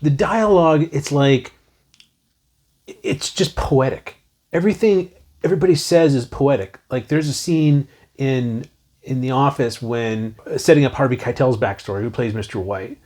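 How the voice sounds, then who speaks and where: A man in his forties with a mid-range voice co-hosts a casual movie review show, speaking at a normal speed. He's enthusiastic and animated, quoting lines from the film that he loves.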